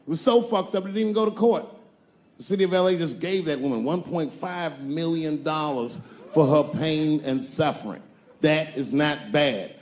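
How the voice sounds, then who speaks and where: Swaggering male comic on stage, slightly high voice, noisy live tape. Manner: swaggering, swings loud and soft for punchlines. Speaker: stand-up comedian. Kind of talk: stand-up comedy.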